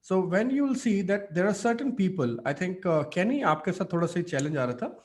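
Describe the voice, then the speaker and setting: A man coaching public speaking in an online mentorship session, energetic and demonstrative with many fillers. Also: sits high, rapid-fire.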